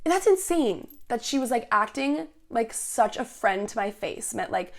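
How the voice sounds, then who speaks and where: A woman's voice: fairly high pitch, a little slow. A young woman in her twenties, casually telling a heated story, swearing often and acting out what people said. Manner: swears a lot, heated and animated, quotes people as she tells it. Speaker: podcast host.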